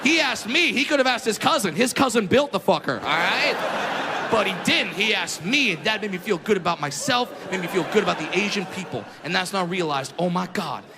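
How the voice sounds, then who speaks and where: A man doing a stand-up comedy routine live, ranting loudly and often breaking into shouts. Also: high-pitched. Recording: echoey hall with crowd noise.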